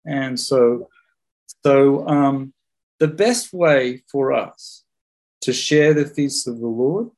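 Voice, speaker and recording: A man's voice: medium pitch, a little mellow, low-quality recording. A man hosting a casual discussion, rambling and repeating words as he tells stories and teaches. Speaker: host.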